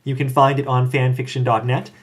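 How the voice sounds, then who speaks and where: A man hosting a casual podcast chat, with dry, deadpan humor, reading out links and credits. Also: mid-range voice, a little fast. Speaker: podcast host.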